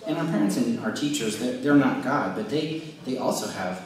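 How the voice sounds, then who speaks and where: A man's voice: mid-range voice, expressive, normal speed. A young man telling a rambling, casual story with many fillers, talking to kids. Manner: chatty, rambling, lots of fillers. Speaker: children's message speaker. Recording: very echoey room from far off.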